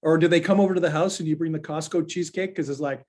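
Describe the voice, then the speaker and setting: Man telling stories on a podcast, kinda high voice, lots of uhs. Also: rapid-fire, hardly any pauses. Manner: animated anecdotal, frequent fillers. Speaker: pollster and guest. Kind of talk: casual storytelling chat.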